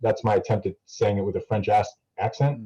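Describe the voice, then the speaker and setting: A young man with a low, mellow voice talks casually to a class over a video call. He rambles, full of fillers and restarts. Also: steady tone, fairly quick, husky, muffled recording. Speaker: student guest speaker.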